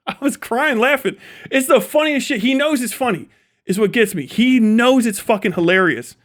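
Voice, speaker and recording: A man's voice: very high voice, expressive, normal speed, fairly bright tone. A young man from Ohio ranting on a livestream, swearing constantly and laughing at his own jokes. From Ohio, USA. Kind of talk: profane live-stream rant.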